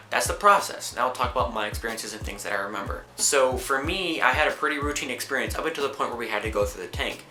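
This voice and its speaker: A tired young man vlogging casually, rambling and self-mocking as he acts out quotes. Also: medium pitch. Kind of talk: casual vlog talk. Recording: echoey room with soft music.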